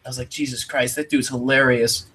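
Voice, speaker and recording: A man telling funny stories on a casual podcast, acting out the other people in high squeaky voices. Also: flat delivery, fairly quick, sharp tone, rough recording. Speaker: podcast co-host. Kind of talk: casual storytelling chat.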